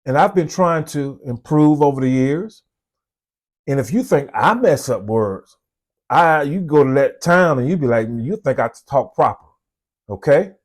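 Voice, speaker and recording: A man's voice: on the high side, expressive, a little slow. A man with a Southern US accent, a police officer hosting his own channel, talking casually and folksy to the camera. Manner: folksy, conversational, repeats points.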